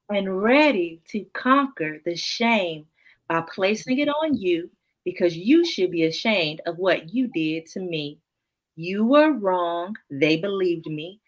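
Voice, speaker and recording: A woman performing spoken word poetry with slow, deliberate, sometimes half-sung lines, then talking casually about it. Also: on the low side, animated.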